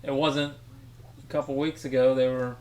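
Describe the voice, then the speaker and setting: A man co-hosting a podcast in casual chat, rambling with restarts and trailing off softly. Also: mid-range voice, flat delivery, moderate pace. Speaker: podcast co-host.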